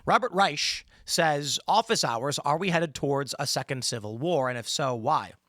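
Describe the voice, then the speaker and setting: A man's voice: fairly high pitch, moderate pace, a bit bright, no room sound. A man in his thirties hosting a solo political commentary show, talking emphatically with rambling, sarcastic asides.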